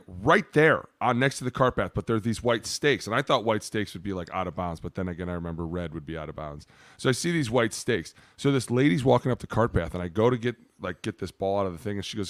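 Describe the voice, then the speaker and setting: A man's voice: fairly low pitch, dry recording, clean studio sound. A man co-hosting a podcast, telling stories in casual chat, swearing freely and acting out both sides of the conversation. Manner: profane, animated storyteller acting out both sides. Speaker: podcast co-host, former pro football player. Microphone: studio microphone.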